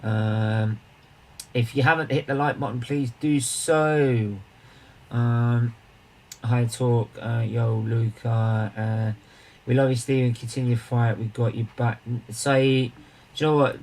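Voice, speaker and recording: A man hosting a charity live stream, talking straight to viewers in a loose, rambling way. His pitch sits in the middle for a man. He greets people by name, banters, and restarts his sentences as he goes, close to a desk mic. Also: level tone, takes it slowly, a little mellow, poor audio. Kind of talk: casual live-stream chat.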